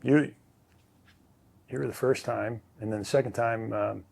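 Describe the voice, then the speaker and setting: Gravelly husky-voiced man. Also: mid-range voice, a little slow. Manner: relaxed, rambling with frequent fillers and restarts. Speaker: interview guest, former quarterback. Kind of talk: casual storytelling.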